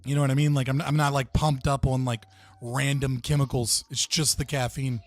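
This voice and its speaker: A man's voice: mid-range voice, level tone, moderate pace. Casual profane male livestreamer. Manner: casual, profane, chatting with his viewers. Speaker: livestream host.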